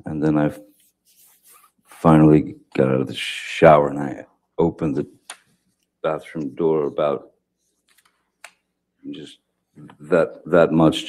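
Very deep, slow, hesitant male witness. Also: darkish tone. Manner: halting, hesitant, many restarts and fillers. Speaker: trial witness. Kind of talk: courtroom testimony. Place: courtroom.

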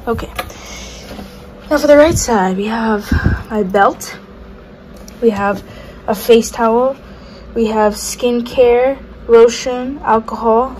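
A young woman walks through her dorm room, listing her belongings in a relaxed, offhand vlog voice. She speaks slowly and sits a little high in pitch. Steady background noise hangs under the recording. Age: young adult. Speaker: vlogger. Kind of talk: casual room tour narration.

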